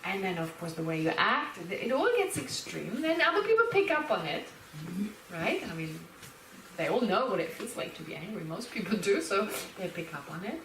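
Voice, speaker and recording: A woman teaching Buddhist philosophy as a lecture, lively and animated, laughing and acting out little quotes as she explains. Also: medium pitch, moderate pace, slight background noise. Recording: roomy hall, speaker far from the mic.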